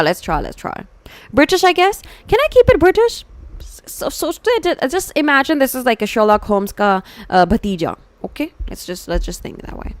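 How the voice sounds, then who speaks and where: A woman with an Indian accent streaming a horror game live, excitable and switching between Hindi and English. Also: mid-range voice, gravelly, no echo.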